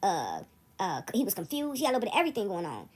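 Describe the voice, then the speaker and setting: A woman telling a story to her viewers in a casual, animated way, checking in with "right?" after almost every point. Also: mid-range voice, rapid-fire, breathy edge. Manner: animated, keeps asking "right?". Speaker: vlogger. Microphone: phone recording app.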